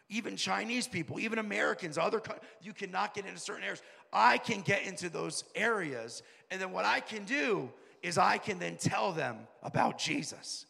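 A man preaching a sermon, telling a story and quoting people in a lowered voice. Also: expressive, moderate pace, gravelly, hardly any pauses, sharp tone, slightly rough. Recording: long hall reverb.

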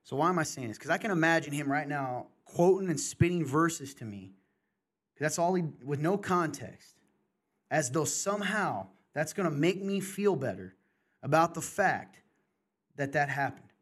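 A man's voice: a little high, lively intonation, normal speed. A middle-aged man hosting a podcast, talking candidly and passionately in casual chat, in bursts and restarts. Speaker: podcast host.

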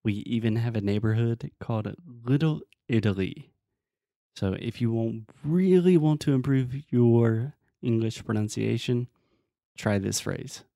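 A man's voice: mid-range voice, lively intonation, unhurried, creaky, warm tone, no echo, clean studio sound. A man co-hosting a podcast as an English teacher, patiently explaining words and drilling pronunciation in casual chat.

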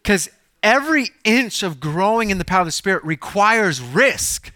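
A male pastor telling stories in a sermon, animated and self-deprecating, with bursts of loud exclamation. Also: sits high, normal speed, no echo. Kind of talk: sermon storytelling.

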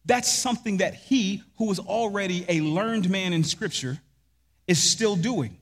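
A man's voice: high voice, unhurried, in a large hall. A man preaching a sermon as pastor, asking rhetorical questions and answering them with emphasis.

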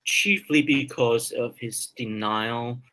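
A man's voice: mid-range voice, takes it slowly, sharp tone, poor audio. A man being interviewed as a guest scholar, talking hesitantly with many ums and repeated words. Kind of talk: interview discussion.

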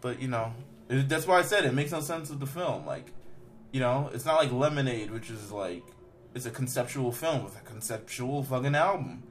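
A young man on a podcast rambles through a film recap in casual chat, packed with fillers and profanity. His medium-pitched voice is animated at a normal speed, with faint music in the background.

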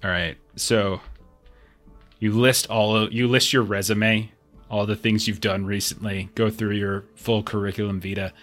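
A man running a tabletop game as game master, easygoing and rambling, slightly hoarse from a cough. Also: lowish voice, fairly even intonation, measured pace, fairly bright tone, faint music behind. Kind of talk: casual game narration.

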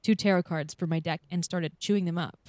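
Lower-voiced woman in chatty podcast talk. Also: steady tone, fairly quick, darkish tone, no room sound. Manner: chatty, upbeat, laughs often, explains at length. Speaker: podcast co-host. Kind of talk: casual chat.

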